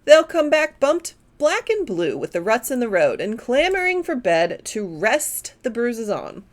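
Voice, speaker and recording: Woman doing a jovial rough-edged man friend. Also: fairly high pitch, very animated, unhurried. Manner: jovial, ribbing.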